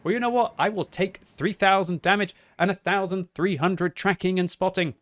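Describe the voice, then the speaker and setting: A young man giving chatty, excitable live commentary over his own gameplay, often joking at himself. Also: sits high, normal speed, dry recording. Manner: chatty, excitable, self-mocking. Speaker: gaming commentator.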